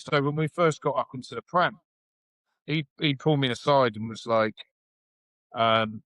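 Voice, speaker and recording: A man's voice: medium pitch, fairly even intonation, a little slow, long pauses, a bit bright, no room sound, rough recording. A middle-aged man, a former rugby player, telling candid stories with plenty of swearing, acting out what others said. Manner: candid, swears freely, acts out quotes. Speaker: podcast guest, former rugby hooker. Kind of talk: casual storytelling.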